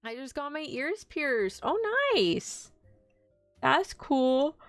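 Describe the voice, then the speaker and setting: A woman's voice: sits high, takes it slowly, no room sound, soft background music. A young adult woman streaming as a VTuber, chatting casually in a bubbly, rambling way, giggling and answering chat.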